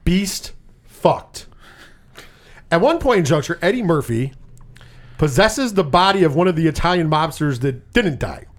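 A man with a high, lively voice that swoops up and down hosts a casual movie chat. He talks in a loose, profane way and jumps into quick impressions while retelling scenes. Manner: animated, profane, quotes scenes in put-on voices. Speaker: podcast host.

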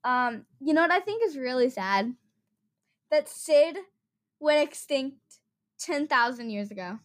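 Giggly high-voiced woman co-host. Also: lively intonation, a little slow. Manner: giggly, playful, talks back. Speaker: podcast co-host. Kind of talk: casual chat.

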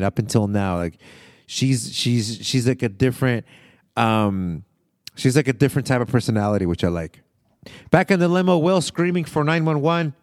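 A man casually recapping a sitcom episode, animated and profane, often laughing and acting out quotes. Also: medium pitch, no echo, clean studio sound. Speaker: podcast host recapping a sitcom.

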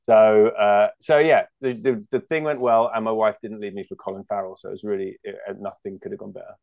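British comic guest, lowish voice, jokey rambling chat, dry dull lo-fi sound. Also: male voice, steady tone, brisk, creaky, no room sound. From United Kingdom. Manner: rambling, jokey, many restarts. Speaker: guest comedian. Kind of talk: casual chat.

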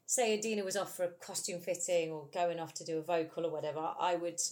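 A woman's voice: lowish voice, fairly even intonation, fast, a little mellow. A woman with a British accent, an actress chatting in an interview with lots of animation and laughter. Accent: British English. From England. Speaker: musical theatre actress, guest. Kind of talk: casual interview chat.

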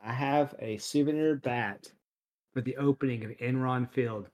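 A man's voice: medium pitch, a little slow, dull audio. A man co-hosting a podcast, chatting casually about movies with plenty of fillers and laughter. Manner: animated, laughing, lots of fillers. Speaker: podcast co-host. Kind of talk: casual chat.

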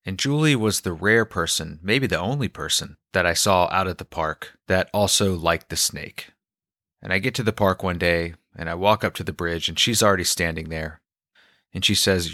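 A man calmly telling a personal story, quoting the people he met along the way. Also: deep voice, dry recording, clean studio sound. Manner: calm, reflective storyteller.

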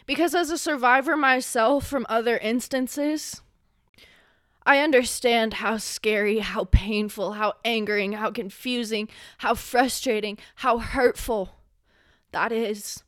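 A young woman hosts a solo podcast, talking with raw, impassioned emotion and freely swearing. Her voice sits a little high and she takes her time over every phrase. The recording is close and dry, with no room sound. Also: measured pace, no room sound. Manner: impassioned, swearing, rising to yelling when angry. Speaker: podcast host.

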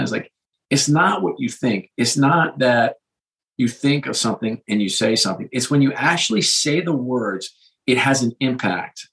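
A man's voice: mid-range voice, creaky, rough recording. A middle-aged man hosting a podcast conversation, enthusiastic and rambling, often restarting his sentences. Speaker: host.

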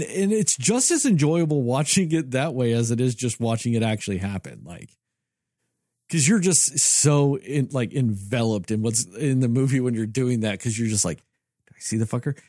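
A man's voice: mid-range voice, mellow, no echo, studio quality. Ranting profane man on a podcast. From Texas. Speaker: podcast co-host. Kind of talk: casual podcast chat.

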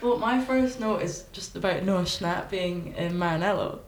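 A woman's voice: fairly low pitch, moderate pace. Congested woman chatting, echoey. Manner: chatty, animated storytelling with swearing. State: congested with a cold. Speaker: podcast co-host. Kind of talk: casual chat.

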